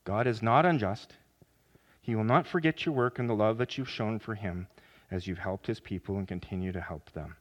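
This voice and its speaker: Deep-voiced male pastor preaching. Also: moderate pace, lo-fi sound. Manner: earnest preaching with sudden loud emphatic rises. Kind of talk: sermon.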